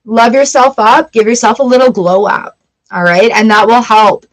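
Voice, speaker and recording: A woman's voice: on the high side, normal speed, poor audio. Chatty, giggly woman reading tarot live. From Canada. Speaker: tarot reader livestream host.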